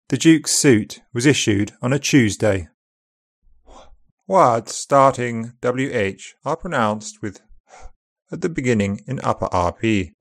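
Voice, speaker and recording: A man with a British accent teaching pronunciation, slowly and carefully sounding out model phrases. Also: medium pitch, expressive, no echo, studio quality. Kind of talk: scripted pronunciation lesson.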